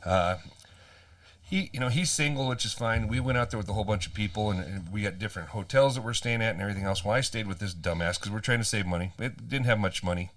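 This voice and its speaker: A man co-hosting a podcast, telling a profane story in animated casual chat. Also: on the low side, quick pace, no room sound, recorded from a distance. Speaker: podcast co-host.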